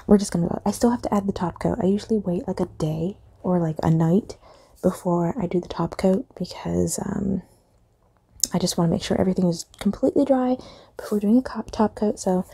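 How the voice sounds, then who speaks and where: A woman's voice: mid-range voice, creaky, warm tone, slightly rough. A young woman chatting casually in a rambling vlog, trailing off with fillers as she talks. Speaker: reading vlogger. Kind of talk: casual chat.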